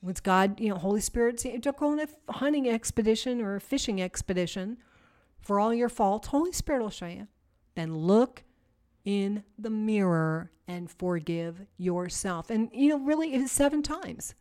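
Speaking at medium pitch and normal speed, a woman delivers a conversational Christian teaching to women. She's energetic and emphatic, piling up repeated phrases in emphatic lists and putting direct questions to her listeners.

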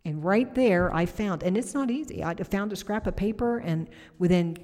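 A woman's voice: mid-range voice, animated, moderate pace, darkish tone, big-room sound. A middle-aged woman preaching and praying over viewers on a livestream, talking conversationally and reading comments aloud. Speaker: prayer minister on a livestream.

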